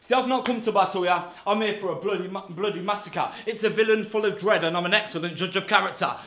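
A man rapping brash, insulting battle verses laced with swearing. His voice is pitched high. The sound carries a roomy echo from the venue. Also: quick pace, a bit bright. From England. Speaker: battle rapper.

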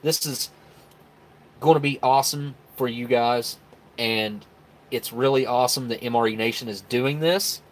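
A man's voice: mid-range voice, normal speed. A man hosting a casual live stream, greeting viewers by name and rambling through announcements.

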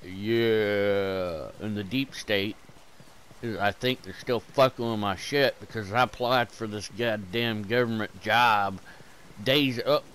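A man with a fairly low voice rambles through casual gameplay commentary, joking and swearing as he goes. He jumps between loud outbursts and quiet mutters, wired on caffeine. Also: fairly even intonation, takes it slowly, a little hiss or hum.

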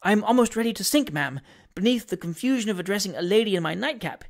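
A woman doing a flustered, modest old gentleman. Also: medium pitch, animated, fast talker, creaky. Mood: earnest. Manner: anxious, earnest, apologetic.

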